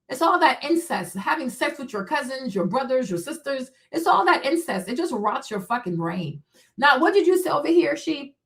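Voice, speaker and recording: Reacting to chat on her live stream, a streamer host with a high-pitched, fairly bright voice sounds scornful and combative, mocking as she goes. She swears heavily and fires off rhetorical questions that she answers herself.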